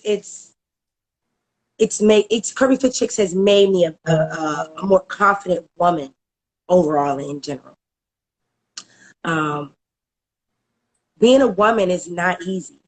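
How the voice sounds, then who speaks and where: A middle-aged woman with a fairly low voice gives a candid personal testimonial about a coaching program. She often repeats words and laughs as she speaks.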